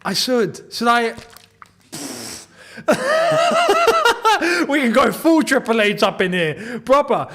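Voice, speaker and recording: A young man hosting a live football watchalong, chatty and quick to laugh as he talks to his viewers. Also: very high-pitched, huge pitch swings, a bit bright. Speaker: football channel host.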